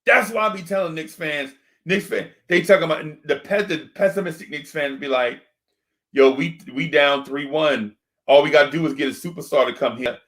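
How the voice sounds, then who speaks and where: A man hosting a sports fan talk stream into a desk microphone. He rants in an animated, repetitive way and keeps yelling the same rhetorical questions. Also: a little high, normal speed. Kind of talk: live-streamed fan rant.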